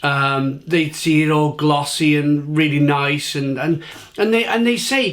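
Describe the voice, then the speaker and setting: A man's voice: a little high, a little slow, a bit bright. A British man in his thirties chatting casually to camera as a food reviewer, repeating himself and talking while he eats.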